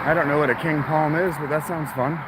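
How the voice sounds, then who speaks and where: A man's voice: a little high, fairly even intonation, fast talker. A man talking casually while walking outdoors, short of breath, blunt and profane with rambling asides. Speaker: street vlogger and storyteller. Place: outdoors on town streets. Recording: outdoor traffic noise.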